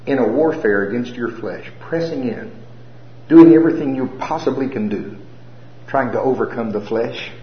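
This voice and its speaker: A middle-aged man preaching a sermon with folksy humor and animated storytelling. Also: mid-range voice, slight background noise. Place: church hall with a live audience. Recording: roomy, slightly dull sound.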